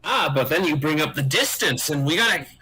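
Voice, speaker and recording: A man's voice: a little high, lively intonation, a little fast, bright, forceful tone, husky. A man playing in a tabletop game, chatting casually and checking details with the group.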